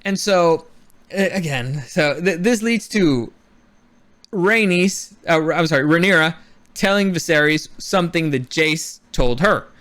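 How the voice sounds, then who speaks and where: A man giving his casual opinions on a TV episode, animated and swearing, often acting out the characters' lines. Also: fairly high pitch, a little slow. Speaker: show reviewer.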